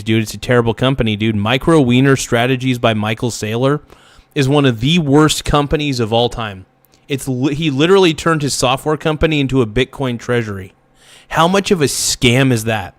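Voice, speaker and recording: A man of middle pitch rants through an angry reaction video. He swears freely, repeats himself and keeps building his outrage. The sound is dry and close. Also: dry recording. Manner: heated, profane, ranting with repeated phrases.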